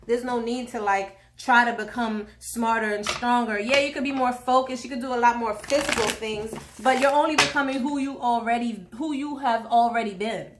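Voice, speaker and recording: A woman's voice: fairly high pitch, steady tone, normal speed, few pauses, heavy background noise. A woman from Haiti giving a casual tarot reading, slangy and chatty with jokey asides. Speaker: tarot reader.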